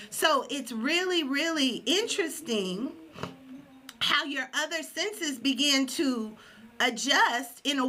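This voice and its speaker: A woman podcast host telling a story in a casual live stream, animated and acting out quotes. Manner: animated, acts out quotes with high yelps.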